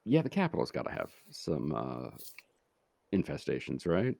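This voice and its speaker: A man's voice: rumbling low, huge pitch swings, moderate pace, gravelly, a little mellow, no echo. A man co-hosting a podcast, chatting casually with wry, dry humor. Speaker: podcast co-host. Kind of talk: casual chat.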